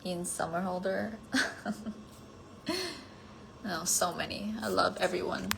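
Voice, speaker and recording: Brief: woman hosting a phone livestream, casual and giggly, with a relaxed, unhurried pace. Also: lowish voice, vocal fry, noisy background. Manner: giggly, self-conscious, chatty with many fillers. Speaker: livestream host reading fan comments.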